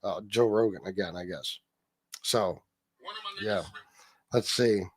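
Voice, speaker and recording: A man hosting a political livestream, chatting casually and bluntly with plenty of swearing as he reads posts aloud and answers his chat. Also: fairly low pitch. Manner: blunt and profane, quick retorts to chat.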